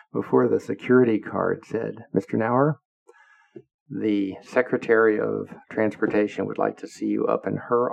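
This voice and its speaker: A man's voice: lowish voice, creaky. A man podcaster telling a blunt, profane workplace story in a candid monologue, laughing now and then. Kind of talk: anecdotal monologue. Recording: dull lo-fi audio.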